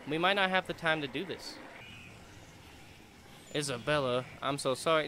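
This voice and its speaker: A man commentating a video game as he plays, excitable, laughing and swearing, talking back to the characters on screen. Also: fairly high pitch, normal speed, pauses often, slight background noise. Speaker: gaming YouTuber. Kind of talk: let's play commentary.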